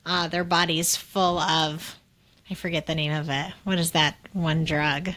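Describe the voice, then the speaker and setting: A woman's voice: low-pitched, little pitch movement, measured pace, fairly bright tone. A woman co-hosting a casual health podcast, enthusiastic as she asks questions and reacts. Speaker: podcast co-host.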